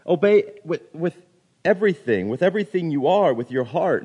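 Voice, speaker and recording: Man preaching, lively pitch, lots of questions, restarts, getting a cold. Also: a little fast, husky. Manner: animated, questioning, with many restarts. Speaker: pastor. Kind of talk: sermon.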